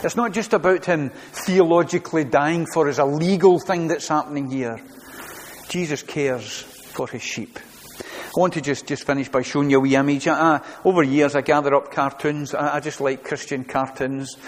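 A man's voice: on the high side, steady tone, normal speed, big-room sound. A man preaching a sermon to his congregation, earnest and repeating his phrases as he goes. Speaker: pastor.

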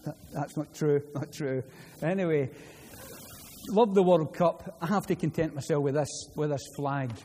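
A Glaswegian Scottish man delivers an earnest sermon, stumbling over repeated words as his enthusiasm builds. His voice sits a little high for a man but sounds dark and mellow in tone. It carries through a long hall reverb over a faint background ambience. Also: normal speed, slight background noise. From Scotland. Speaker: preacher.

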